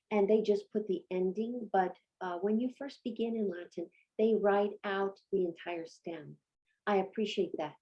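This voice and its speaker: A woman's voice: fairly low pitch, warm tone, highs cut off. A woman giving a patient homeschool Latin lesson, asking and answering her own questions. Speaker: Latin teacher.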